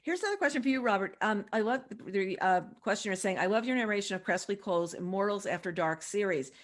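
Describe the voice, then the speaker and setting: A woman's voice: medium pitch, animated, fast talker. A woman moderating a panel discussion, reading out questions from the audience. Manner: reads audience questions, brief affirmations.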